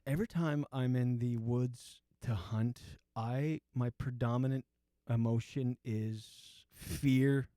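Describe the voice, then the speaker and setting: A man's voice: medium pitch, steady tone, slow pace, hardly any pauses, dark tone, no room sound, clean studio sound. A man in his forties hosts a comedy show and tells rambling stories, laughing as he goes. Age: 40s. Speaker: host. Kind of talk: comedic storytelling chat.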